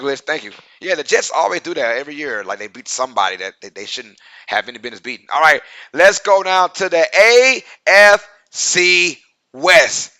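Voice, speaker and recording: A young man with a Southern twang talks through a live sports stream in a loose, chatty way, full of fillers, and hypes up his viewers. His voice sits a touch high and rings bright. The sound is close and dry, with no room in it. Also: no room sound. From Louisiana. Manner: chatty, filler-heavy, hypes up viewers, reads chat aloud. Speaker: sports podcast co-host.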